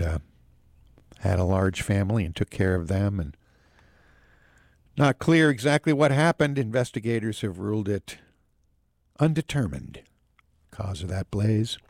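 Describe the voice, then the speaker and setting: A man's voice: lowish voice, gravelly, darkish tone, no echo, studio quality. A man hosting a local news show and weather forecast, reading in a casual way with wry, jokey asides.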